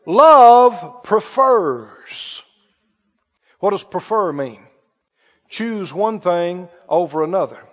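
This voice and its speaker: A man with a strikingly high voice preaches to his church, talking plainly and tossing questions to the congregation. The sound is muffled and dull, and it trails off into a long hall reverb. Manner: conversational preaching, quizzes the congregation. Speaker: pastor. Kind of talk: sermon.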